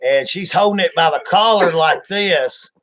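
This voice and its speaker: A man's voice: on the high side, moderate pace, a bit bright. A man, hosting a livestream and telling rambling, folksy stories, acting out the voices. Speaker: livestream host. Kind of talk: casual storytelling chat.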